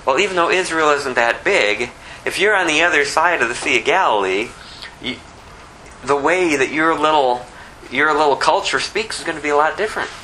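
This pastor's sharp voice sits on the high side as he reads scripture and explains it verse by verse in plain, conversational terms. He has a slight lisp, which he points out, and the low-quality recording carries a little hiss or hum.

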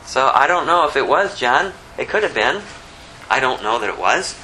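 A man's voice: mid-range voice, sing-song, normal speed, pushed and bright, a little hiss or hum, rough recording. A man giving a conversational, verse-by-verse Bible teaching, reading scripture aloud and explaining it in plain words, with a slight lisp. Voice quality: says he has a lisp. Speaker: pastor.

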